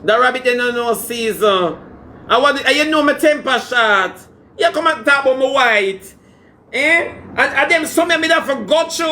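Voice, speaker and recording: A man playing a brash, demanding Jamaican woman in a comedy skit, talking in loud patois banter that moves between scolding and wheedling. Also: extremely high pitch, slight background noise, full character voice.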